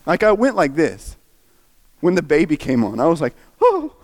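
A man's voice: a little high, very animated, moderate pace, slight background noise. A man preaching, earnestly and emotionally retelling a story with feeling. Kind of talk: sermon storytelling.

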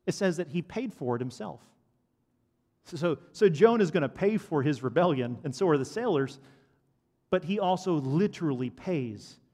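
A man preaching a sermon to a congregation, animated and asking the listeners questions. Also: on the high side. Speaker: pastor. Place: church hall. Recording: long hall reverb.

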